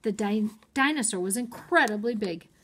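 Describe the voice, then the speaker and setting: A woman's voice: mid-range voice, lively intonation, fairly bright tone. A woman teacher reading a chapter book aloud to children and stopping to explain words. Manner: slow and clear, explaining words. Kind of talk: read-aloud storytime for children.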